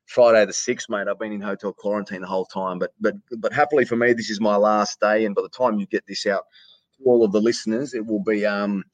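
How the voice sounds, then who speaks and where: A man's voice: fairly low pitch, fairly even intonation, quick pace, no echo. A middle-aged man with an Australian accent, talking casually as a guest and calling his host mate, often repeating his words. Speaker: guest, sports announcer. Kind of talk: casual conversation over a call. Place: hotel quarantine room.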